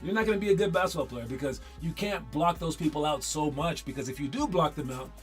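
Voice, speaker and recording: Male streamer-host with a somewhat high voice, casual and rambling, lots of restarts, light music bed. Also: quick pace. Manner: rambling, with many self-corrections. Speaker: basketball show host. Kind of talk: casual livestream chat.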